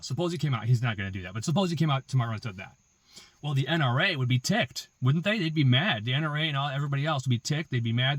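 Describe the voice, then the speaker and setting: A man's voice: medium pitch, dry recording. A man hosting a political commentary show, arguing an opinion with emphatic repetition and rhetorical questions. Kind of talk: opinion monologue.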